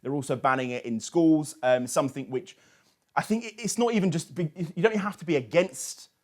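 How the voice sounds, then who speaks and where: A man's voice: fairly high pitch, a little fast, darkish tone. A man hosting a political talk show, asking long questions with frequent restarts. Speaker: host.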